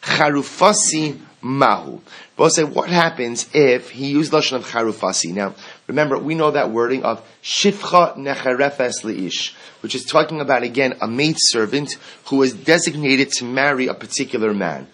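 A man works through a Talmud passage, reading a phrase and then explaining it in English. His voice is husky and sits in a middle pitch. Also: normal speed, fairly bright tone. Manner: explains text line by line, mixing Aramaic and Hebrew terms into English. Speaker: Talmud teacher. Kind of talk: Talmud lesson.

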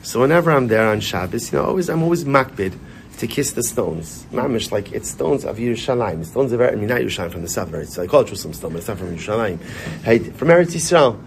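Animated man teaching in shul. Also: on the low side, fast, slight background noise. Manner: animated, repetitive, mixes Hebrew and Yiddish terms. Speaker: rabbi. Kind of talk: informal Torah class.

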